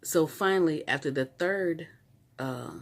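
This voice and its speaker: An adult vlogger recounts a frustrating errand in an animated, exasperated rant, often tripping over their words and starting sentences again. The voice sits at an ordinary middle pitch and the talk is loose and conversational. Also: a little slow. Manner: animated, exasperated storytelling with frequent restarts. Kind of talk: casual story-time rant.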